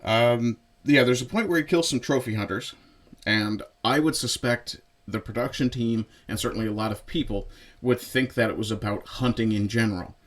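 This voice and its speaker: A man giving a casual spoken film review in a relaxed, conversational way, with lots of fillers and little asides. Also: medium pitch, normal speed. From Newfoundland, Canada. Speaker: movie reviewer.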